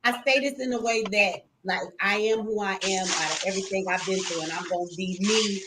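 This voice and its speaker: A woman's voice: medium pitch, steady tone, brisk, background noise. Blunt, profane woman hosting a live stream. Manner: blunt and profane, swings loud when scolding. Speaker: host of a live call-in show. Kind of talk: casual live-stream chat.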